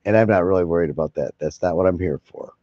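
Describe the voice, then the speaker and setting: Talking fast in a low-pitched, dark-toned voice, a live streamer rambles folksily to his viewers, cursing as he goes. The dull lo-fi mic picks up no room sound.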